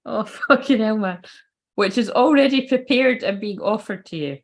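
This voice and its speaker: A woman's voice: on the high side, normal speed. A woman giving a casual, rambling livestream tarot reading, swearing freely and feeling unwell and tired. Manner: chatty, swearing, rambling asides. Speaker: tarot card reader.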